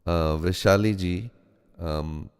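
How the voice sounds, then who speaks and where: A man with a blended American and Indian accent speaks in a low, smooth, resonant voice, greeting his live-stream audience by name. His delivery is unhurried and full of ums and small restarts, and a long reverberant tail trails every phrase in his studio. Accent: American-Indian mix. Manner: halting, frequent ums and restarts, greets each viewer warmly by name. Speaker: host of a live meditation stream. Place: home studio.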